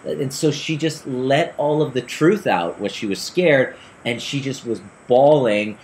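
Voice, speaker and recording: An earnest man recounts a session with clients and plays out their exchange with feeling. His voice sits at an ordinary middle pitch. A faint background noise runs under the recording. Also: measured pace, hardly any pauses. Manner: earnest, animated storytelling with quoted dialogue. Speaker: practitioner telling a client story. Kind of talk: storytelling talk.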